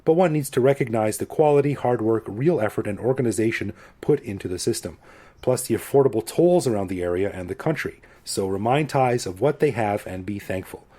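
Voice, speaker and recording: A Canadian man in his forties co-hosting a podcast, talking in a relaxed, self-deprecating way. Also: lowish voice, a little fast. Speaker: podcast co-host. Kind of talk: casual chat.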